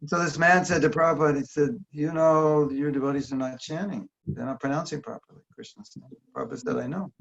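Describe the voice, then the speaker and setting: Talking fast with hardly any pauses, a workshop teacher with a fairly high voice leads a casual session over video call. He keeps it conversational, quizzing his audience as he goes, through dull lo-fi online audio.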